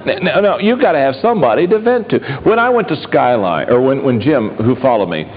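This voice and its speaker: A man preaching a humorous sermon, telling stories and cracking jokes in an animated way. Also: medium pitch, fairly quick. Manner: animated storytelling, joking. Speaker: pastor. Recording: echoey hall, dull lo-fi sound.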